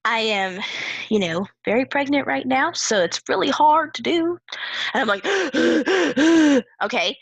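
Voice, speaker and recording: A woman teaching a reading lesson to young children, playful and animated, often laughing as she explains. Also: high voice, takes it slowly, gravelly, no room sound. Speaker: second-grade teacher.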